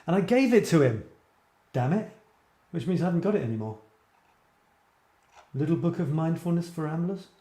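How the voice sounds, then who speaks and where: A man's voice: a little high, mellow, echoey room. A middle-aged man from Scotland hosting a creative writing show, chatting casually and rambling as he answers viewers. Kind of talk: casual live-stream chat.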